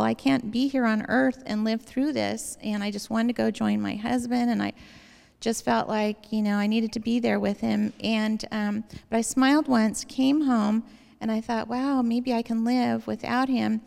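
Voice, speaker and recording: Woman, earnest rambling testimony speaker, somewhat high, gravelly voice, reverberant hall. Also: a little mellow. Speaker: speaker giving a personal testimony. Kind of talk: personal faith testimony to an audience.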